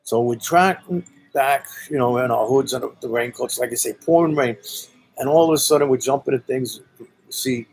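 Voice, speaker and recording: A man from Brooklyn, New York, speaking with a Brooklyn accent, spins a rambling, blunt, profane story peppered with "you know." His mid-range voice has a darkish tone and a normal pace. The low-quality recording carries slight background noise.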